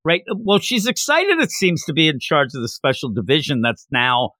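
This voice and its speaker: Animated man, bright and lively. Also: fairly high pitch, normal speed, no echo, clean studio sound. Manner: animated, laughing, retelling scenes. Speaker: podcast co-host. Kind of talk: casual podcast chat.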